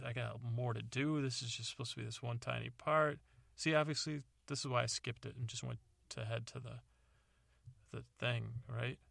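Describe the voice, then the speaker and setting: A man's voice: mid-range voice, creaky, fairly bright tone, dry recording, studio quality. A man casually narrating a bedtime story, rambling and correcting himself as he goes. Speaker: podcast storyteller.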